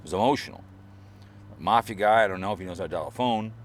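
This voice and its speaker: Sarcastic rambling man, low-voiced vlogger. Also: fast talker, a little hiss or hum. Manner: sarcastic, rambling, with fake sobbing in a strained high voice. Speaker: online video creator. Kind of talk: rambling mock eulogy vlog. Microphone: camera or phone mic, mic falls over.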